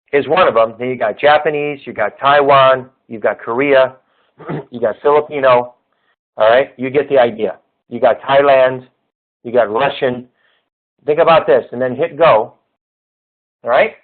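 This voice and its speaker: Tinny, upbeat man giving a sales pep talk. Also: a little high. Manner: pep-talk, repetitive urging. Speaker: network marketing trainer. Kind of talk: motivational screen-share tutorial. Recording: tinny phone-like audio.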